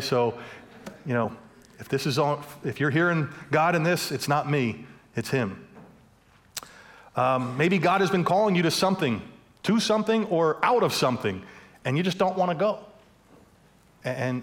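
A man preaching a sermon in a church, telling a story in a relaxed, conversational way with fillers and repeated words. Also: fairly high pitch. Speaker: pastor.

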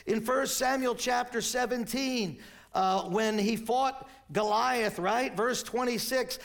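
An older man preaching a sermon as pastor, telling stories and quoting scripture, sometimes rising to shouts. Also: very high-pitched, steady tone, takes it slowly, gravelly.

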